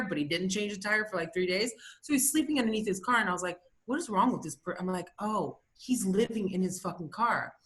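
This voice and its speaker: A woman's voice: mid-range voice, bright, forceful tone. A woman co-hosting a podcast, telling stories in a profane, ranting, casual comedic chat. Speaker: podcast co-host.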